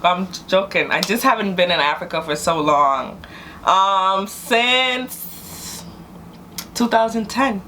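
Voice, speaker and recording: A young woman from New York City chatting as a guest, animated and boastful, talking in quick bursts. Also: medium pitch, noisy background. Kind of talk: casual chat.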